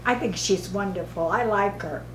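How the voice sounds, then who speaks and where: A woman's voice: medium pitch, normal speed, a crowd in the background. Sweet older grandmother. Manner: sweet, homespun. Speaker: grandmother of the groom. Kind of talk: casual interview. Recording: echoey room with noise.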